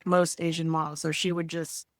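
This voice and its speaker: A woman's voice: deep voice, flat delivery, normal speed, no room sound. A woman comedian, a podcast guest, telling family stories in casual chat and mimicking relatives' voices. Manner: storytelling, mimics family voices, laughs often.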